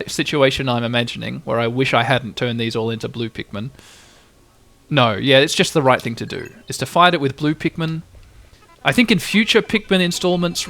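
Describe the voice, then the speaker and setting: A man's voice: a little high, a bit bright. A man hosting a let's play, chatting casually and thinking aloud with frequent restarts as he plays. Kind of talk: casual gameplay commentary.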